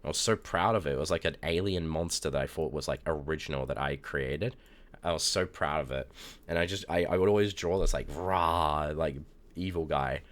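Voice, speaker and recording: A young man with a very low voice talks casually on a live stream. He rambles through loose anecdotes and breaks into loud, cursing outbursts now and then. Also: a little fast. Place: indoors at a streaming setup.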